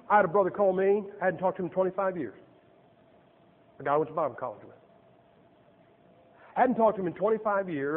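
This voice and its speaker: A middle-aged male preacher with a fairly high voice that swoops up and down as he jokes and fires off rhetorical questions. His folksy sermon comes through a tinny, phone-like recording. A long reverb trails every line. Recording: tinny, echoey church recording.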